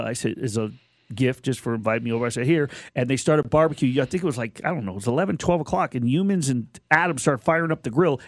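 A man's voice: mid-range voice, no room sound, clean studio sound. A man guesting on a radio show, talking eagerly in a rambling way with frequent restarts. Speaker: guest filling in. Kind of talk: casual radio chat.

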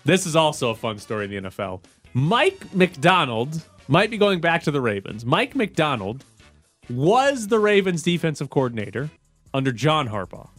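A man's voice: fairly high pitch, soft background music. A man hosting a sports radio show, chatting casually and joking about football news. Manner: quick, joking, animated.

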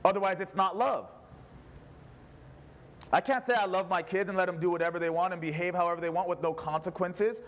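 A man's voice: high-pitched, fairly even intonation, a little fast, pauses often, a bit bright. A pastor preaching a sermon in church, an impassioned man who fires off rhetorical questions. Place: church service.

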